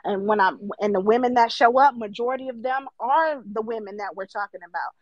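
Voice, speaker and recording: A woman's voice: on the high side, fairly quick, dry recording, lo-fi sound. A young woman arguing her point on a live stream, emphatic and mocking, now and then mimicking her critics. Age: 20s. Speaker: livestream guest. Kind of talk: heated debate.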